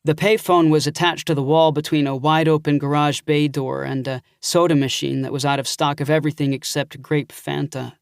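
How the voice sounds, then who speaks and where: Gravelly male audiobook narrator, dry. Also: a little high, brisk, few pauses, no room sound. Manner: steady first-person storytelling with dialogue.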